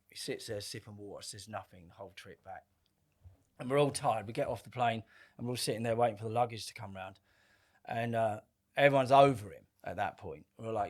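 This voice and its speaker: A middle-aged man telling a story casually on a podcast, animated, swearing freely and acting out quoted lines. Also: lowish voice. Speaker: podcast guest.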